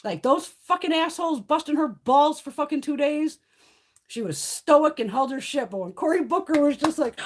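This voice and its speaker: A woman in her fifties chatting casually on a live stream, blunt, profane and animated. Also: high-pitched, moderate pace. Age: 50s. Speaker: beauty livestream host.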